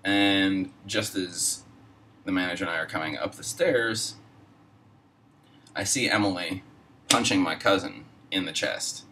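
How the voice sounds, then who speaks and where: Deep-voiced man telling a rambling story. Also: measured pace, pauses often, bright, forceful tone, far from the mic, a little hiss or hum, low-quality recording. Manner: profane, rambling, full of fillers. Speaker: storyteller host. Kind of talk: casual spoken storytelling.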